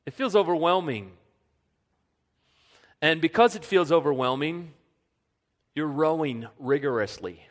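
A man preaching a sermon as a pastor, earnest, sinking to a soft hush when he speaks God's words. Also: medium pitch, takes it slowly, pauses often. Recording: long reverb of a church hall.

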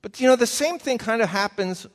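A man's voice: very high-pitched, expressive, brisk. A man preaching a conversational Bible teaching, folksy and talking straight to his listeners with questions. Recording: long reverb of a large hall.

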